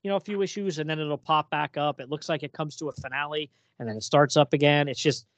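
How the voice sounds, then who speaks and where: A man's voice: a little high, fast talker, dry recording. A man co-hosting a casual comics chat, retelling scenes and acting out the quoted dialogue. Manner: animated, acts out quoted dialogue in reading. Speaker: podcast co-host discussing comics.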